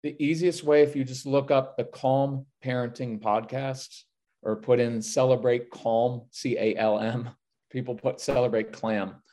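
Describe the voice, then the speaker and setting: In a relaxed podcast conversation, a male guest speaks at a measured pace in a medium pitch. His parenting advice comes with lively reenactments of his exchanges with his kids, performing both parent and child.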